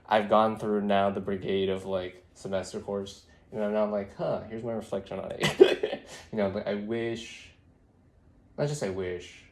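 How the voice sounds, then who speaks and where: An unhurried young man, his pitch fairly low and his intonation fairly even, muses aloud for a phone vlog. The talk is rambling and reflective, thick with fillers, and his voice is congested and throaty; he starts out lying on his side and later stands.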